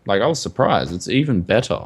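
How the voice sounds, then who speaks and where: A man's voice: fairly low pitch, very animated, fairly quick, breathy edge. A man co-hosting a casual tech podcast who rambles and fills his talk with "like" and "man". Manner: rambling, full of likes and mans. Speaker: podcast co-host.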